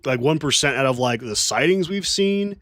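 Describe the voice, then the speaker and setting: A man's voice: medium pitch, lively intonation, moderate pace, a bit bright, no room sound, clean studio sound. A man hosting a casual livestream, talking to his chat in a rambling, defensive way and swearing often. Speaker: livestream host.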